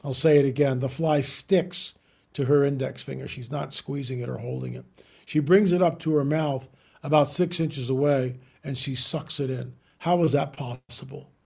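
A man, a guest on a talk show, telling a story with animated emphasis and repeating key lines. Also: medium pitch, normal speed, creaky, husky. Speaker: guest, UFO researcher. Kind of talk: podcast interview storytelling.

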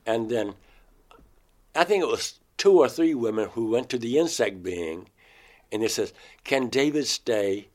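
A man recounting a personal experience in an interview, in a halting, emotional way. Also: medium pitch, animated.

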